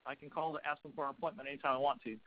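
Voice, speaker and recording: A man's voice: medium pitch, steady tone, racing, no room sound, highs cut off. A man who coaches real estate investors, talking in a folksy storytelling manner as a guest on a webinar. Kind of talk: webinar talk.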